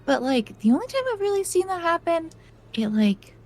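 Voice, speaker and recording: A woman's voice: extremely high pitch, big pitch swings, moderate pace, low-quality recording. A woman player in a tabletop game, playful and a little stammering.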